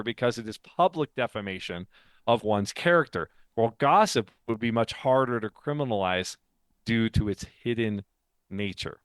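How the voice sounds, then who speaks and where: A man's voice: medium pitch, dry recording. Talkative man teaching in a dry room. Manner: talkative, explanatory, laughs often. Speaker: podcast co-host and author. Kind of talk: casual chat with teaching.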